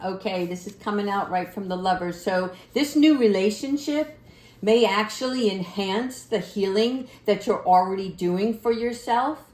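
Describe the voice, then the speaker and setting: A middle-aged woman gives a spiritual tarot reading at an unhurried, deliberate pace, gentle and affirming. Her voice carries a noticeable echo from the room around her. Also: medium pitch. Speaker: tarot card reader. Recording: echoey room.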